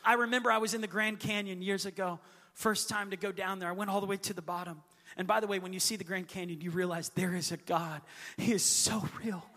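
A male pastor preaches with passion, his voice swelling to emphatic peaks and sinking to near-whispers. His voice sits a little higher than most men's, and it rings through the long reverb of a big hall. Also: little pitch movement, fast. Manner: passionate, building to emphatic peaks, then hushed. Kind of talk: sermon.

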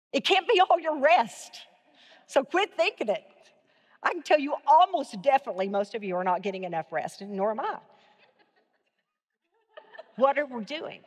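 A woman's voice: sits high, long reverb tail. A woman preaching a sermon, repeating her phrases and drawing the audience in to answer back. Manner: leads the audience in call-and-response, repeats phrases.

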